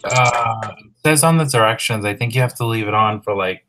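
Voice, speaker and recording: A man's voice: medium pitch, fairly quick, background noise. A man, a guest on a live stream, giving frank, matter-of-fact advice with plenty of fillers. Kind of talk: casual live stream chat.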